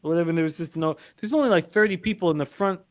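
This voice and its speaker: A man with a slightly higher voice, chatting casually on a live betting stream. He rambles through stories, full of "uh" and "like", in a loose, unpolished way. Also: very fast, a little hiss or hum. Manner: rambling anecdotes with many fillers. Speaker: sports betting show host. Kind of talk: casual chat, storytelling.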